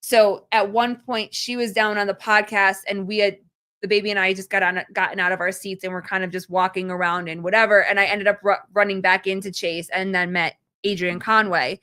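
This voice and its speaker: Female podcast co-host, bright and forceful tone, lively storyteller. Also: mid-range voice, brisk. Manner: lively storyteller acting out quotes. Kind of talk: casual storytelling chat.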